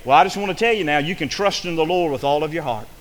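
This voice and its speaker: A man's voice: on the high side, lively intonation, quick pace, in a large hall. A male pastor, preaching a fervent sermon full of repeated phrases and restarts.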